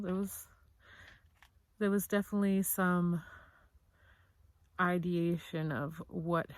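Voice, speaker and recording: A woman's voice: sits low, a little mellow, dry recording. A woman talking candidly in a casual commentary vlog, chatty and full of fillers, with the occasional swear. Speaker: vlogger.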